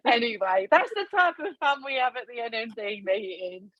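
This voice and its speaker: A woman's voice: high-pitched, big pitch swings, moderate pace, fairly bright tone, no room sound. Chatty woman on a dull, dry call. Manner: chatty, laughing storyteller. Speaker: team leader hosting a training call. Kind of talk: video call chat. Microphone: video call.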